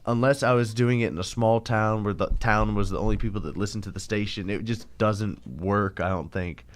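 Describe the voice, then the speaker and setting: A young college man co-hosting a radio show, his voice sitting a little low. He explains things at an easy, relaxed pace, like he's telling a story. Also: a little fast. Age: young adult. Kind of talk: casual radio banter.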